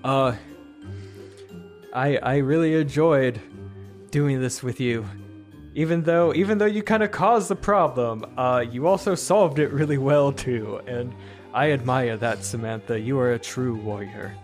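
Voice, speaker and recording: A man's voice: medium pitch, unhurried, faint music behind, close to an everyday voice. A man doing an earnest giant skeleton. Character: kind, formal giant male skeleton leader.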